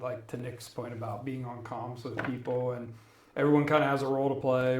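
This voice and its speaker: A man co-hosting a podcast, explaining a game in a relaxed, casual way. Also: medium pitch, reverberant. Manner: relaxed, explanatory, laughs at his own stories. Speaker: podcast co-host. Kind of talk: casual chat.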